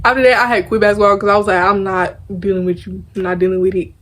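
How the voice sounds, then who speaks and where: A young woman, chatting casually as she tells a storytime vlog, animated and laughing often. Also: medium pitch, quick pace. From Arkansas, US. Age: young adult. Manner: animated, laughs often, acts out quoted lines. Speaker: vlogger.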